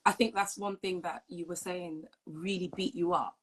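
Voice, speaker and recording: A woman's voice: on the low side, steady tone, normal speed, a little hiss or hum, rough recording. Woman host asking supportive questions. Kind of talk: live interview chat. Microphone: phone on a live video stream.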